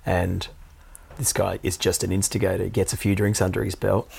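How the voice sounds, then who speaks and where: A man's voice: deep voice, little pitch movement, normal speed, vocal fry, a little mellow, husky. A man, a pub musician telling dry, swear-laced anecdotes in casual chat. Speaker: pub musician, podcast co-host.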